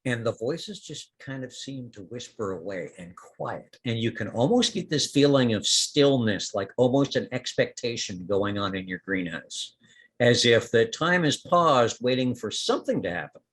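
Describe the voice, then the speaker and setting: Game master guy, husky voice, lots of ups and downs in his pitch, descriptive storytelling. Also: moderate pace. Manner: lively descriptive narration. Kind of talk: narrating a tabletop game.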